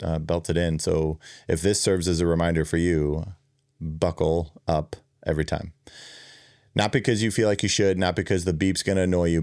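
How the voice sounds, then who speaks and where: A man's voice: deep voice, a little mellow, no echo, studio quality. A man hosting his own show, earnestly telling a personal story in a reflective way, with frequent fillers and restarts. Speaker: podcast host and keynote speaker.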